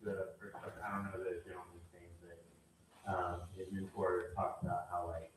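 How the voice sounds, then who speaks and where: A man's voice: sits low, completely flat delivery, unhurried. A man in the audience asking a hesitant question, with many fillers. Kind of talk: casual question from the floor. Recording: echoey hall, far from mic, faint noise.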